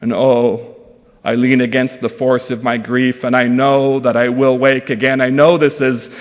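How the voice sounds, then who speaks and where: A man at middle pitch gives a dramatic reading of his own prose, measured and slow. He often drops to near a hush. The sound carries the long reverb of a large event hall. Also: little pitch movement. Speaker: guest speaker.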